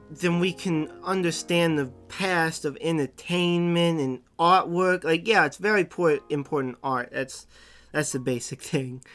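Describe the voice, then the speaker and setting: A man with a Boston accent talks through a casual info-dump monologue in a slightly high, smooth, clear voice. He rambles and often corrects himself mid-sentence. Faint background music plays under his talk. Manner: rambling, with self-corrections and small laughs. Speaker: channel host. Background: soft background music.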